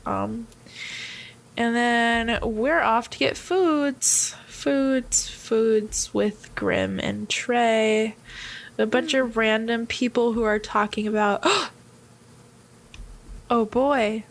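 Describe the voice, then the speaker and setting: A woman's voice: fairly high pitch, slow, vocal fry, low-quality recording. A woman co-hosting a podcast, giving a giggly, casual recap full of fillers. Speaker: podcast co-host. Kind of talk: casual chat.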